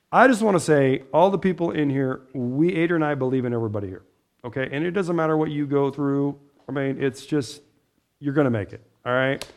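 A man preaching a casual sermon, talking things through with the room, asking for agreement and often clearing his throat. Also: medium pitch. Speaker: pastor.

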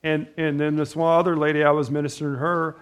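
A man's voice: fairly high pitch, level tone, fast talker, clear, resonant tone. A middle-aged man preaching an informal sermon, telling stories in a rambling, conversational way with restarts and asides. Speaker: pastor.

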